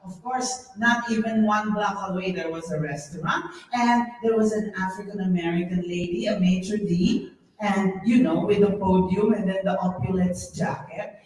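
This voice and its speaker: A woman's voice: mid-range voice, moderate pace. A Filipina singer telling funny stories on a concert stage, acting out the voices of people she met and laughing along with them. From Philippines. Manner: animated, mimics voices, laughs at own jokes. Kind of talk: stand-up storytelling in a concert. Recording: distant echoey live hall with faint ambience.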